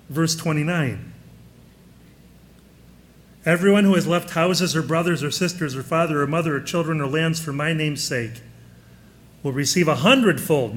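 A man preaching a sermon in a conversational way, often putting questions to his listeners. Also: a little high.

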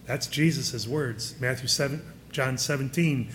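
A man's voice: medium pitch, unhurried, fairly bright tone, slight background noise. A man preaching a sermon in a conversational way, often putting questions to his listeners.

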